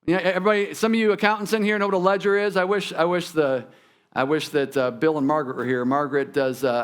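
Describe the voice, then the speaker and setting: A man preaching a sermon in a church, talking conversationally and turning to the congregation with asides. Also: fairly high pitch. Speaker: pastor. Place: church sanctuary.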